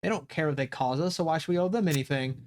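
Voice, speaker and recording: A man voicing a cold, aloof young woman who talks in a flat, detached way. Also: a little high, fast talker, lightly acted.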